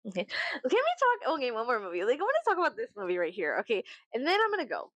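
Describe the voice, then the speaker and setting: A woman's voice: fairly high pitch, big pitch swings, racing, fairly bright tone, no echo. A woman vlogger chatting casually, swearing often, breaking into laughter and theatrical outbursts. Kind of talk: casual chat.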